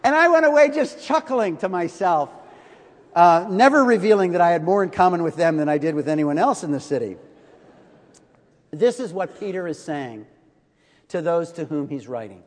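A middle-aged American preacher delivers his sermon as a lively storyteller, now and then sinking to a near-hush to drive a point home. His voice sits high for a man, and it rings out with the long reverb of a big hall. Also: normal speed. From United States. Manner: storytelling, animated, drops to a hush for emphasis.

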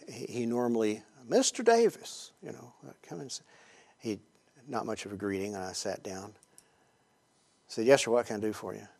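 A man preaching to a group in a storytelling sermon, conversational and halting, with many pauses and fillers, swinging between hushed and loud emphasis. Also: on the low side. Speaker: Christian teacher speaking to a group.

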